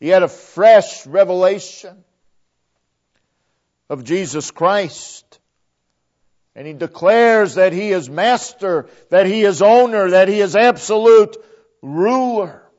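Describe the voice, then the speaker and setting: A man's voice: sits high, slow pace, long pauses, a little mellow. A man preaching a sermon, emphatic, repeating phrases for stress. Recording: dull lo-fi recording.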